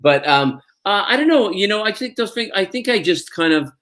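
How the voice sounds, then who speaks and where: A man's voice: high voice, animated, brisk, a bit bright. A man, an actor guest in an interview, chatting casually with plenty of fillers and restarts and frequent laughs. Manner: rambling, many fillers and restarts, laughs often.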